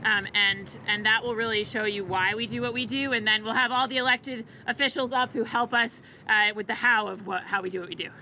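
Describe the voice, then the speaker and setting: Woman, bright voice, casual emcee, um-filled speech, outdoor podium. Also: a little high, steady tone, fairly quick, few pauses, slight background noise, poor audio. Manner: casual, lots of ums and uhs. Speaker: housing authority administrator. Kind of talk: ceremony emcee remarks. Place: outdoor ceremony.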